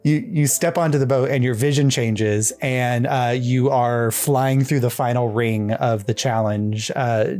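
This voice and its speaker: A man's voice: mid-range voice, a little mellow. A man narrating as game master of a tabletop game in a rambling, filler-heavy way. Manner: rambling narration with many ums and likes.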